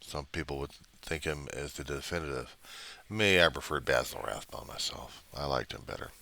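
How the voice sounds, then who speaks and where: A man's voice: extremely low pitch, moderate pace, creaky, bright, forceful tone. A man from the United States, rambling and trailing off in a personal video diary, with mild cursing. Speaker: video diarist.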